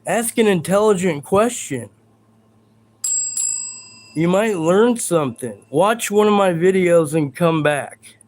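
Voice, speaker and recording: A man on a live stream who answers his chat in a combative, swearing rant. His voice sits a little high, and he lets the words come out slow and drawn. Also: lively intonation. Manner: combative and profane, ranting at chat.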